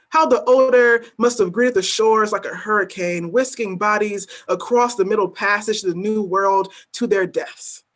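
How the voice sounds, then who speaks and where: Woman poet, spoken-word reading, measured and weighty delivery, pointed repetitions, mid-range voice. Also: medium pitch, fairly bright tone. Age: adult working as a teacher. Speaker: poet at an open mic.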